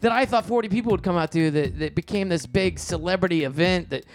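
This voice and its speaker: A middle-aged man telling stories in a casual interview, animated and quick, acting out quoted lines in a raised voice. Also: sits high. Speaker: comedian and show producer, guest. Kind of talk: casual storytelling in a podcast interview.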